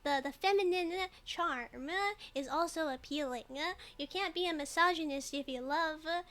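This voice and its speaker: A woman's voice: sits high, moderate pace, a bit bright. A woman streaming a game who jokes, giggles often and reads chat in casual commentary. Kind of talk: casual let's-play commentary.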